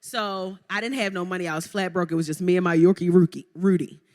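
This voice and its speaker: This is a woman in her thirties from Baltimore, a guest at a live interview, recounting her journey with lively, playful energy. She speaks directly to the audience. Her voice carries a long reverb from the event hall. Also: fairly low pitch, fast talker. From Baltimore, Maryland. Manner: animated, playful, talks straight to the audience. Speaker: guest entrepreneur. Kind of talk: live stage interview, storytelling.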